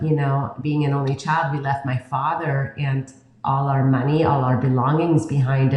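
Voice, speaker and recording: A low-pitched, middle-aged woman from Iran is talking in a casual interview. She tells her story earnestly, piling up phrases and restarts. Her voice carries a roomy echo. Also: darkish tone. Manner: earnest, talks in restarts and lists. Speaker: guest.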